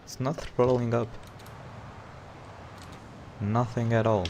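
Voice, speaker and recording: A man streaming flight simulator gameplay, excitably commenting on his flying and talking to chat. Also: medium pitch, slow, a little hiss or hum, rough recording.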